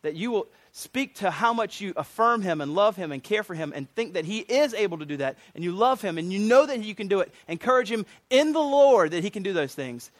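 A man's voice: high-pitched, animated, brisk, few pauses, dry recording. A man preaching a sermon in an earnest, emphatic way, with frequent restarts and light asides.

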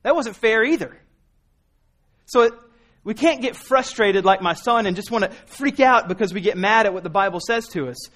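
A man with a fairly high voice teaches scripture in a relaxed sermon. He is earnest, talks in a rambling way and often stops and restarts his sentences. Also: brisk. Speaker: Bible teacher.

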